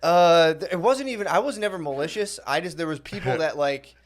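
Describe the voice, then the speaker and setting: A man co-hosting a podcast, telling profane stories in an excitable, casual chat. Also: fairly high pitch, fairly quick.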